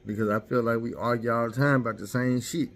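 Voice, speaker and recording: A man telling a personal story in a casual, unfiltered way, full of swearing. He is frank and laughs at his own mistakes. His voice sits at a middling pitch. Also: steady tone, fast. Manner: profane, candid, self-mocking.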